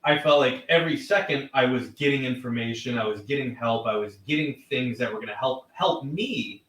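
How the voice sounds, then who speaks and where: A man's voice: medium pitch, expressive, brisk, fairly bright tone. An earnest man, heard from a distance in an echoey room, describes his experience as a patient. He keeps repeating phrases as he talks.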